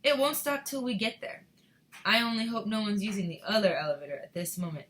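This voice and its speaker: A woman voicing an eccentric, cheerful male candy maker in a bright, theatrical way. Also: medium pitch, brisk, a little hiss or hum, close to an everyday voice. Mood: breezy.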